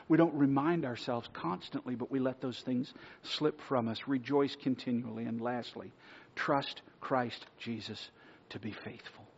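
A male pastor delivers an earnest sermon with a husky, slightly breathy voice, at a middling pitch. He sometimes drops to a hush to press a point home. The recording is dull and lo-fi. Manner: earnest preaching, dropping to a hush for emphasis.

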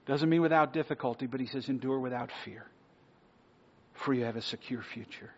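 A man preaching a sermon earnestly, sometimes dropping to a hush for emphasis, then closing in prayer. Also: mid-range voice, fairly quick. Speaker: pastor. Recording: dull lo-fi sermon recording.

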